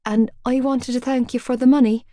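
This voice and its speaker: A nervous schoolgirl with a high, breathless voice, tripping over her words, as a woman reading an audiobook puts her on. The sound is close and dry. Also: steady tone, brisk, mellow, no echo, close to an everyday voice. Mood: flustered. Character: shy flustered Irish teenage girl. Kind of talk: audiobook character voice.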